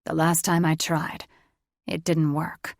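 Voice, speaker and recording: A woman voicing a weakened male dragon shifter who speaks low and tender, murmuring to his lover. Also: level tone, takes it slowly, gravelly, no echo, clean studio sound, full character voice. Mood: dejected.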